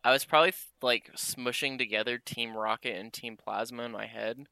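A man's voice: medium pitch, fairly even intonation, a little fast, gravelly, bright, forceful tone, clear, resonant tone, dry recording. A man in casual chat about games, joking and sarcastic, often trailing off mid-thought.

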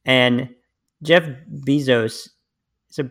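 A man hosting a casual podcast, talking at a middling pitch. He rambles loosely, restarts his sentences and swears without a second thought. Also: moderate pace. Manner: profane, rambling, frequent restarts. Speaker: podcast host. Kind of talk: casual chat.

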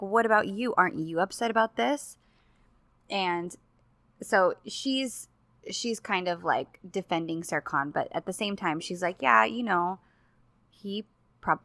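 A woman co-hosting a casual chat recap of a TV drama, animated, laughing often and acting out quotes. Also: lowish voice, unhurried, creaky, dry recording. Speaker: podcast co-host.

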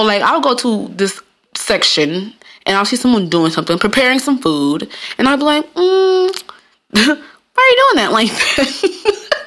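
Chatty, profane woman with a gravelly low voice. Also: fairly bright tone. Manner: chatty, profane, laughs often, slips into high mocking voices. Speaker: cook and baker telling stories. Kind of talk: casual storytelling monologue.

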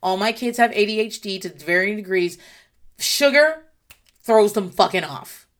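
A mother talking casually about parenting, blunt and animated, with plenty of swearing. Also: mid-range voice, moderate pace.

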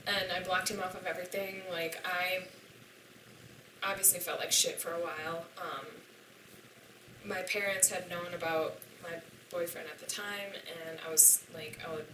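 A woman's voice: lowish voice, steady tone, normal speed, noisy background. A woman in her twenties, a podcast guest, telling a personal story in a candid, profane way and acting out the dialogue. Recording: echoey room, distant mic.

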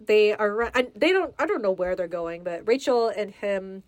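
A young woman talks casually through a book, reading passages aloud and laughing often. Her voice sits at a middling pitch. The recording is dry and close, with no room sound. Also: lively intonation, moderate pace, dry recording. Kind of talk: casual chat, book discussion.

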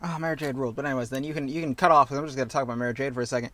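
A man co-hosting a podcast in casual chat, animated and profane, slipping into goofy character bits. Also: medium pitch, very fast, hardly any pauses, no room sound. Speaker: podcast co-host.

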